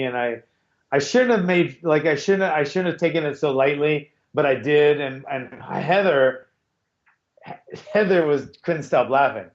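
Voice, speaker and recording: A middle-aged man with a slightly raised voice tells a rambling story over a video call, circling back and restarting his sentences as he goes. The audio is dull and muffled, and his voice rings in an echoey room. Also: a little high. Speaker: podcast host. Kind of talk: casual chat.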